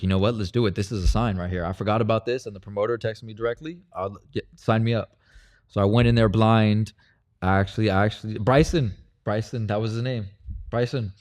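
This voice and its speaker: A man's voice: fairly low pitch, a little mellow. Laid-back man telling fight stories. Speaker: guest fighter. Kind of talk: casual interview chat.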